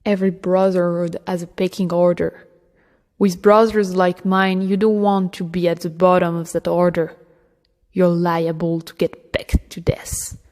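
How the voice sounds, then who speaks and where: A woman narrating an audiobook in a slow, deliberate way. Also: on the low side, flat delivery, a little mellow. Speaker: audiobook reader. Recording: reverberant room.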